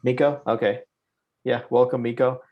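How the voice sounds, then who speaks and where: A man's voice: mid-range voice, steady tone, normal speed, highs cut off. A man teaching an online programming class, explaining step by step and checking in with "right?" after each point. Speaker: programming instructor. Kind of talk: live online coding lesson.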